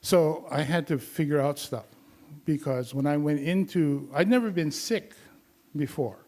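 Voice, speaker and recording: A man's voice: on the high side, a little slow, darkish tone. An older man from Hawaii giving a casual, teasing health talk to a live audience, laughing often and acting out other people's voices. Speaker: community health lecturer.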